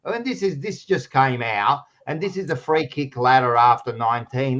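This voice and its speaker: A man's voice: medium pitch, animated, moderate pace, hardly any pauses, fairly bright tone. A man with an Australian accent co-hosting a sports show, casually teasing and needling his rival and swearing now and then. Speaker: podcast co-host. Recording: dull lo-fi sound.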